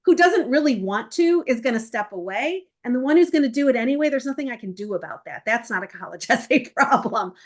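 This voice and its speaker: A middle-aged woman, an essay coach answering interview questions, explains her process in an animated way and acts out the emails and parents she quotes. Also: high voice, fast talker, few pauses.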